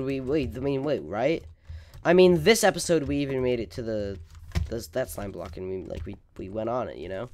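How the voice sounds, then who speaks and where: With a mid-range voice and a darkish tone, a gaming video host speaks at a moderate pace in casual play commentary, stammering and overreacting melodramatically. Sometimes he drifts back from his desk microphone.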